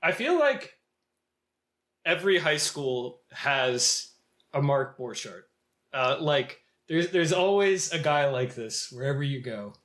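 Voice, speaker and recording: A man's voice: fairly high pitch, big pitch swings, slow pace, a bit bright. Musing man on a film podcast. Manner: thoughtful, musing, hesitant with many fillers. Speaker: podcast co-host. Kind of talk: casual film discussion.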